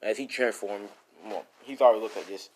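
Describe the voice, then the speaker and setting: A man's voice: fairly low pitch, fairly quick, a little mellow, a little hiss or hum, poor audio. Rambling man telling a fan story. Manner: rambling, full of fillers and 'and he's like'.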